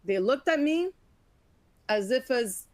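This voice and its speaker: A woman's voice: high voice, slow pace, dry recording. Dry-voiced woman teaching with stories. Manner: animated storytelling, acting out quoted dialogue. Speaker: auditor and webinar presenter. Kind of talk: webinar teaching with anecdotes.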